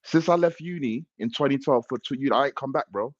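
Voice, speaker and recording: A man's voice: mid-range voice, a little fast, dry recording. A man in his thirties from South London with a South London accent, chatting as a guest on a stream in a slangy, earnest way. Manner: slangy, earnest, laid-back. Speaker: guest panelist. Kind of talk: casual chat. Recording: dull dry call audio.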